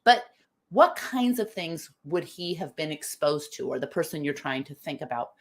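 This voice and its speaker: Her voice is deep, with big pitch swings and a moderate pace: a middle-aged American woman hosting a live-stream talk. She thinks aloud, restarts her phrases, and reads viewer comments out.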